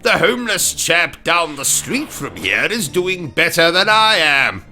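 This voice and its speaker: British male game host, pompous and slow-spoken with a very bright tone, faint music behind. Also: a little high, very animated. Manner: pompous, theatrical, exclamatory. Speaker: gaming channel host. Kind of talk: comedic let's-play commentary with skits.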